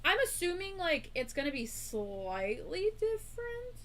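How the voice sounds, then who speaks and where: Co-host, woman, very high bright voice, unhurried delivery, giddy squeals. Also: big pitch swings, slight background noise. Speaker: livestream co-host. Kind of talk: casual reaction chat.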